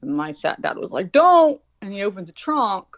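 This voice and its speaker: A woman's voice: mid-range voice, brisk, dry recording. A woman in her forties telling a rambling story with lots of swearing, acting out what everyone said. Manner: profane, animated, acts out quotes. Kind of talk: casual storytelling. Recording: dull, dry lo-fi sound.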